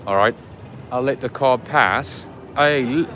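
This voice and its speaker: Very animated and a touch slow, this man speaks at a medium pitch with a fairly bright tone, slight hiss or hum in the audio. He's livestreaming a casual nighttime walking tour through an old-town street, talking with viewers and answering comments while jazz music plays close by.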